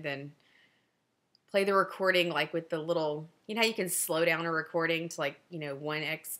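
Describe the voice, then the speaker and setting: Woman, forties, Southern Louisiana accent, fast casual chat, bright voice, laughs a lot. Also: sits low. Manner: fast-talking, laughs often. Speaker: knitting podcast host.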